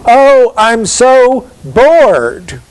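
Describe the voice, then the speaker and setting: A man's voice: very high-pitched, sing-song, extremely slow, smooth, voice pushed up, exaggerated voice, poor audio. A male lecturer briefly putting on the voice of a bored, neurotic, self-centered affluent woman, drawn out and whiny. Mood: bored whining.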